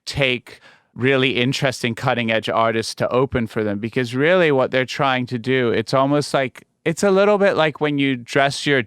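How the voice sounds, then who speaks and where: A man hosting a casual interview show, talking in a relaxed, conversational way with casual swearing. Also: medium pitch, moderate pace, clean tone, dry recording, studio quality. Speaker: host.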